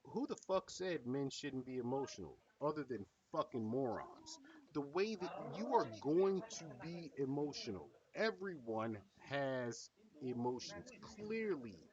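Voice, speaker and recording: A man's voice: medium pitch, big pitch swings, unhurried, far from the mic, a crowd in the background. Male reaction host, blunt and profane, set back from the mic, muffled sound. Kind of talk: casual reaction commentary.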